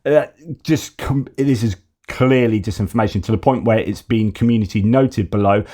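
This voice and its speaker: A man's voice: fairly low pitch, normal speed, mellow. Man giving offhand news commentary. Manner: conversational and opinionated, thinking aloud. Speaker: host of a news commentary channel.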